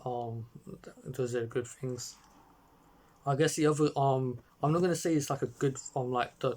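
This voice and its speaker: A man's voice: medium pitch, darkish tone. A man reviewing a short film in a casual, rambling way, full of fillers and restarts, talking into a phone or webcam. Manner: hesitant, many fillers and restarts.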